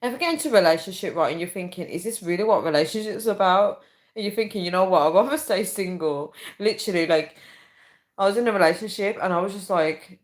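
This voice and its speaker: A woman's voice: on the low side, quick pace. A young woman chatting casually on a livestream, reading out comments and laughing often. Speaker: livestream host.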